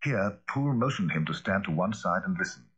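Husky, expressive male audiobook narrator. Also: sits low, brisk. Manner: dramatic, expressive reading. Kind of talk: scripted narration. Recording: dull lo-fi recording.

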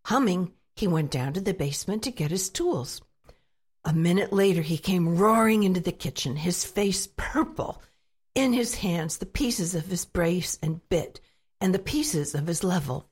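A woman reading a children's storybook aloud in an expressive, lively way. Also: on the low side, measured pace, breathy edge. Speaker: narrator.

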